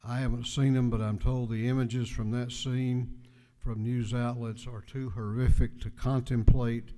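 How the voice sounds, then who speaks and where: Man, slow formal oratory, mellow voice, long reverb of a big chamber. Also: mid-range voice, little pitch movement. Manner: measured, deliberate oratory with emphatic repetition. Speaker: house speaker presenting a resolution. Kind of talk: formal floor speech. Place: large legislative chamber.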